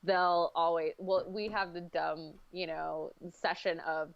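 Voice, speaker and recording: A woman's voice: fairly low pitch, fairly even intonation, slow, vocal fry, no room sound. A woman, a guest speaking in casual chat over a video call. She talks easily, with many fillers and frequent laughs. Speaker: comics editor, guest. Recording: dry, slightly dull sound.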